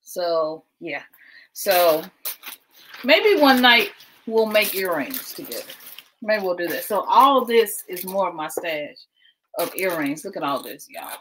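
A woman's voice: fairly low pitch, very animated, slow pace, fairly bright tone, slight background noise, rough recording. A woman, hosting a casual livestream from home, chatting with viewers and laughing often while she packs. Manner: chatty, keeps addressing viewers as y'all. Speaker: livestream host. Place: at home indoors.

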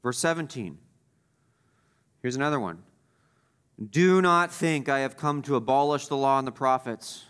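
A man preaching a sermon as the pastor, emphatic, repeating key phrases and swinging between loud stresses and quiet asides. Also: mid-range voice, moderate pace, long pauses, smooth.

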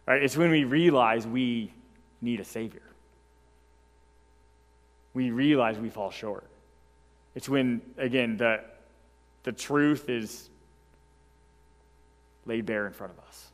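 A man preaching a sermon as pastor, emphatic and animated, who keeps checking in with the congregation by asking "right?". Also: mid-range voice, takes it slowly, long pauses, long reverb tail. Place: church sanctuary.

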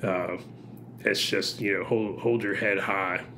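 A man, a podcast co-host, speaking earnestly and haltingly, with many fillers and restarts. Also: sits low, fairly even intonation, sharp tone, slight background noise.

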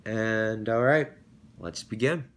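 A young man hosting his own YouTube show, talking casually and breaking into loud, sarcastic rants with swearing. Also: lowish voice, takes it slowly. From United States. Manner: rants loudly, swears, dramatic outbursts. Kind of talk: casual vlog monologue.

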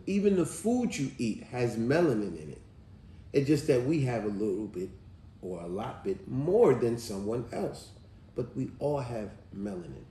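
A man reads a children's book aloud and muses on it in a chatty, easygoing way. His voice is mellow and dark, and his pitch moves a lot. The room around him is echoey. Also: distant mic. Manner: chatty, musing asides, rereads lines. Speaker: book reviewer.

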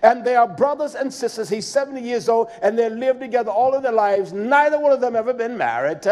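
A preacher with a fairly high voice delivers a folksy sermon. He swings between loud, emphatic outbursts and quiet, dropped asides. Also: expressive, fairly quick, few pauses.

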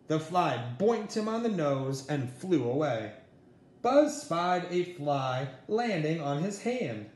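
A man reading a children's picture book aloud as storyteller, slow and expressive. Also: a little high, reverberant.

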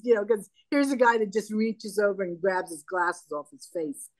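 A woman's voice: mid-range voice, moderate pace, no room sound. An older woman as an interview guest, retelling past events in a conversational, anecdotal way and acting out the dialogue. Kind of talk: conversational storytelling.

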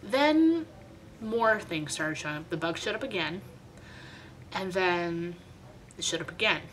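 A woman's voice: on the low side, lively intonation, a little slow, fairly bright tone, a little hiss or hum, poor audio. A young woman vlogger telling a story in a chatty, dramatic, self-mocking way. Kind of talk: casual storytime vlog.

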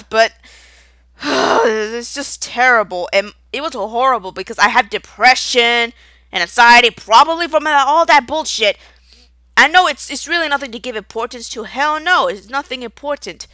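Angry young woman, bright and dry. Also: high voice, normal speed, dry recording. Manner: angry, profane, rambling with stutters and restarts. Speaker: video creator. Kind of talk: unscripted rant to camera.

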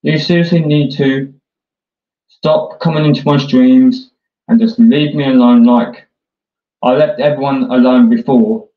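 A man delivering a mocking parody rant in a sarcastic, taunting way, swinging between whiny and gruff. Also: medium pitch, steady tone, a little slow. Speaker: online troll. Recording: echoey dull lo-fi room.

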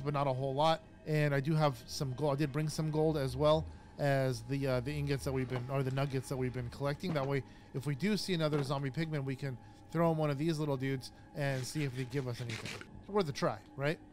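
A man casually narrating his own gameplay, chatty and jumpy, easily startled and quick to laugh at himself. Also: mid-range voice, darkish tone. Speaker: gaming YouTuber. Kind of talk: casual let's-play commentary.

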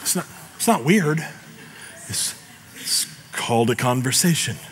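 A middle-aged American man preaching a lively, joking sermon that builds to shouts. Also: medium pitch, measured pace, a little hiss or hum. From United States. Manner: animated, jokey, shouts scripture cries. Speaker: pastor.

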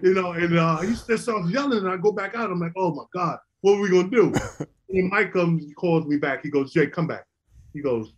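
A man's voice: high voice, fairly quick, slightly rough. A middle-aged man, a former basketball player, telling stories casually and with animation about his recovery program. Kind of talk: casual storytelling.

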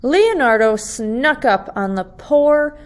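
A woman teacher reading a picture book aloud to second graders in a slow, expressive storytelling voice. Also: high voice.

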